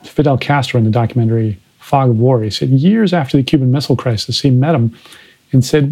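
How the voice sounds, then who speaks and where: A man's voice: mid-range voice, brisk, dark tone, husky, poor audio. A man hosting a podcast, analyzing films in a conversational way. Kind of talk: casual film discussion.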